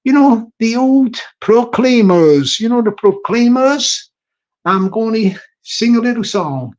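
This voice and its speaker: A man's voice: extremely high pitch, lively intonation, takes it slowly, dull audio. A man hosting a live stream, chatting casually and jokily with viewers and greeting them from the chat. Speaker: livestream host. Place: London.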